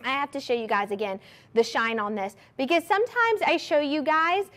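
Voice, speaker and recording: A woman hosting a live shopping channel, pitching products to viewers in an upbeat, chatty way. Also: fairly quick, a bit bright. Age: adult mother of a young child. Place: TV studio.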